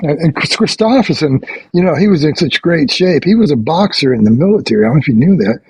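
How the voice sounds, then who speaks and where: An older man, a veteran session bassist, telling rambling anecdotes in a podcast interview and chuckling between stories. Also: expressive, quick pace, a little mellow, slightly rough, rough recording. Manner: rambling anecdotes with restarts and quoted dialogue.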